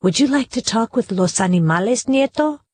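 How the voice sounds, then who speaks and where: A woman voicing a kind old grandmother who gently tells her grandson a story, in a storybook play. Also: on the high side, expressive, normal speed, breathy edge, no echo. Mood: gentle. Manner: gentle explaining.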